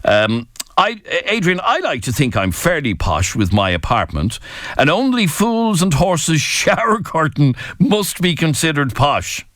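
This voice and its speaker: Lively Irish male radio host. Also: a little high, unhurried, dry recording, studio quality. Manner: animated, jokey, reads out listener texts. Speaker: radio talk show host. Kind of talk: phone-in radio chat. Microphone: studio microphone.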